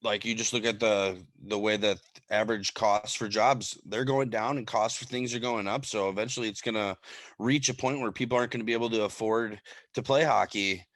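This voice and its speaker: A man's voice: on the low side, fairly even intonation, a little fast, a bit bright, dry recording. A young man with a Wisconsin accent co-hosting a podcast and chatting casually, speaking in loose, easygoing sentences. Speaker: podcast co-host. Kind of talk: casual interview chat.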